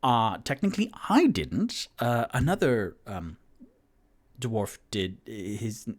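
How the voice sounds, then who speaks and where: A man's voice: medium pitch, very animated, slow. A man voicing a timid, polite, lawful-good male adventurer who stammers nervously. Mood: anxious.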